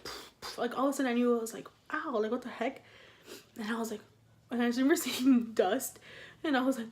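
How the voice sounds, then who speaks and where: A young woman in a casual storytime vlog, animated and swearing, acting out what people said. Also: on the high side. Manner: animated, swearing, acts out quotes with laughs. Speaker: vlogger.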